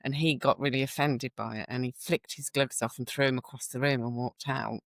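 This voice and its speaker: Blunt midwife, indignant. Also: female voice, very deep voice, steady tone, a little fast, vocal fry, dry recording, clean studio sound. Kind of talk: casual podcast chat.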